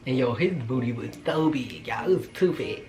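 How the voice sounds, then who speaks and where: A man in his twenties telling a casual, slangy storytime vlog, jumping loud and high when reacting and dropping to quiet asides. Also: lively intonation, moderate pace, faint music behind. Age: 20s. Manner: casual slangy talk, lots of fillers. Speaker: vlogger.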